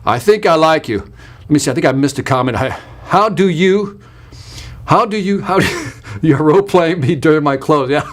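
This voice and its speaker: With a fairly high pitch, a moderate pace and long pauses, a sales trainer leads a live online sales workshop. He speaks energetically and emphatically with punchy repetition, stopping to read out viewer comments.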